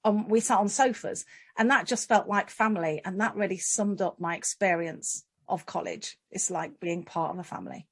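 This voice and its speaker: A woman in her forties, a guest in an interview, telling lively stories with self-deprecating humour and frequent laughs. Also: medium pitch, normal speed, gravelly. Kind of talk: interview storytelling.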